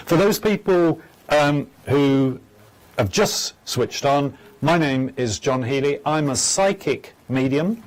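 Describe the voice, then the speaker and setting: A man hosting a live phone-in show as a psychic medium, speaking gently and haltingly, with many stammers and restarts. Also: medium pitch.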